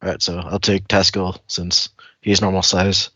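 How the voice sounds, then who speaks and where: A man's voice: deep voice, level tone, normal speed, a bit bright, husky, no echo. A man playing a tabletop game, talking in a matter-of-fact way. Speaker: player. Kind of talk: casual tabletop play. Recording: dull, dry mic sound.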